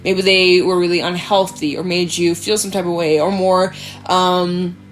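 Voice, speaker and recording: A woman giving a casual tarot reading, chatty and animated, swearing freely and acting out quoted voices. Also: on the low side, moderate pace. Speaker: tarot reader. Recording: faint background music.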